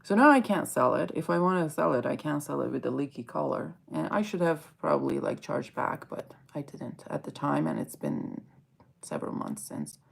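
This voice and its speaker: A woman's voice: low-pitched, expressive, normal speed, vocal fry. A woman hosting a casual fragrance livestream, reading viewer comments aloud and answering them as she chats.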